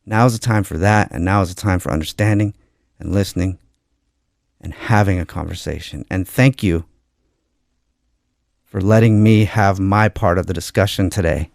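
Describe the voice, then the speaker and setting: A man's voice: deep voice, moderate pace, gravelly, long pauses, darkish tone, no echo, studio quality. A man speaking as a radio host, giving an earnest, heartfelt on-air message.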